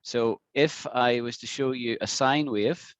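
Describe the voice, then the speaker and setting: A man teaching an online English lesson, patiently repeating words slowly for his students to practice. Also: medium pitch, no echo. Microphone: video call.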